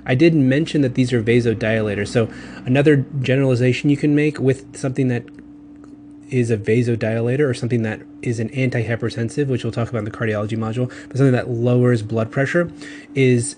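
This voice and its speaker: A man with a Southern accent talks through a recorded pharmacology lecture at a middle pitch. He rambles casually, corrects himself mid-sentence and adds quick asides. A faint hiss of background noise runs under the voice. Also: fairly even intonation, darkish tone. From Texas.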